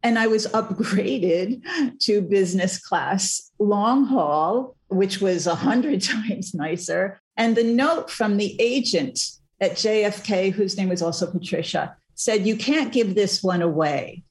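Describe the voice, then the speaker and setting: An older woman guest, an author, telling travel stories in a relaxed, animated way, often laughing mid-sentence. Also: mid-range voice, slow. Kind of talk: casual interview conversation.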